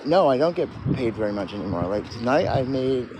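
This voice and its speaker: A man's voice: mid-range voice, animated, fairly quick, noisy background. A man ranting and answering viewer comments on a casual livestream, profane and agitated, in tooth pain.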